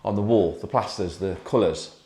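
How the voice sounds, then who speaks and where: A British man chatting casually in a vlog, upbeat and joking, talking in quick bursts. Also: lowish voice, a little mellow, slightly rough. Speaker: property investor vlogger.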